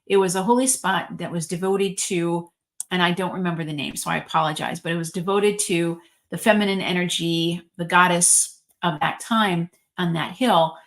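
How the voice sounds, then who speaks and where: A woman with a lower voice gives a relaxed spiritual talk as a reverend. She retells an old religious story in a chatty, storytelling way, dotted with ums and likes. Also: normal speed. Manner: chatty and warm-hearted, frequent ums and likes, lively storytelling.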